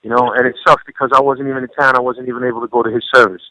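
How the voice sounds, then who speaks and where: A man's voice: mid-range voice, level tone, racing, pushed and bright, no room sound. A man telling rambling, profane stories over a phone call in a casual radio interview, peppering his talk with "you know". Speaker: guest recalling a late friend.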